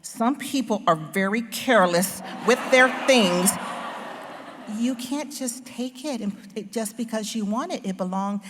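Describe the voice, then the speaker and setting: A woman voicing a calm, kind mother, speaking softly and with measured firmness, in a reverberant hall. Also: on the high side, noisy background, lightly acted. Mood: gently firm. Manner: soft, measured and gentle.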